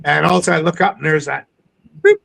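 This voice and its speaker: A man from coastal British Columbia, a podcast guest telling stories in a casual interview, animated and acting out the people he quotes. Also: fairly high pitch, fast talker, creaky, low-quality recording. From coastal British Columbia, Canada.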